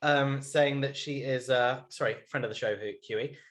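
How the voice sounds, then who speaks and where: A man's voice: mid-range voice, steady tone, normal speed, fairly bright tone. A young man hosting a podcast, recapping a TV episode in casual banter with lots of ums. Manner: bantering, filler-heavy recap. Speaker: podcast host. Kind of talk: casual chat.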